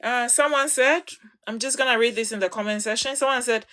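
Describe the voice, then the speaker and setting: A woman with a high, bright voice speaks straight to her followers as a livestream host. She lectures in an emphatic, preachy way and hammers her points by repeating words. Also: a little fast. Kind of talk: advice talk to followers.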